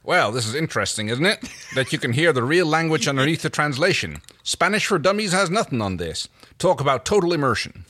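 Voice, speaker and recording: A man's voice: on the high side, sing-song, fairly quick, pushed and bright, dry recording, voice pushed up, exaggerated voice. A man reading an earnest, eager astronaut. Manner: earnest and pleading.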